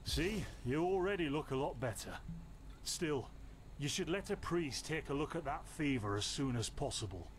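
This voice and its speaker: An actor playing a friendly, good-humoured young alchemist who helps a feverish stranger in a video game. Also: male voice, a little high, animated, moderate pace, close to an everyday voice. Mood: caring. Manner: good-humoured, helpful, chuckles easily. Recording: game audio over noisy stream.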